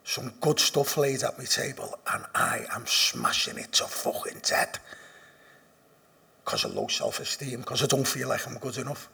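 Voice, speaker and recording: Gravelly Liverpool man, blunt and profane. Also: medium pitch, wildly swooping pitch, moderate pace. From Liverpool, England. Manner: blunt and profane, swinging from hushed confession to loud laughing emphasis. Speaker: speaker sharing at a recovery meeting. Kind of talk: personal recovery testimony.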